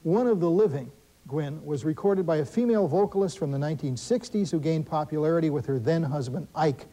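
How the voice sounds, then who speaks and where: Brisk, wry man hosting a quiz show. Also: fairly high pitch, dark tone, poor audio. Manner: brisk and wry, adds quick asides and corrections. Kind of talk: reading quiz questions, bantering with teams. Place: television studio.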